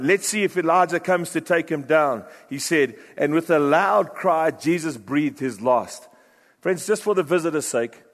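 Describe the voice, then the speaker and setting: A man preaching a sermon with passion, shifting from loud urgent bursts to hushed, low phrases. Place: church hall. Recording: long reverb of a large hall.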